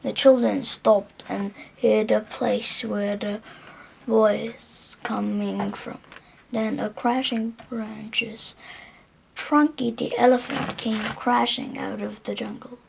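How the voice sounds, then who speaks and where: Woman reading a kids storybook out loud, slow and careful, bit gravelly. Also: a little high, steady tone, a little hiss or hum. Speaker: reader. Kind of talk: storybook read-aloud.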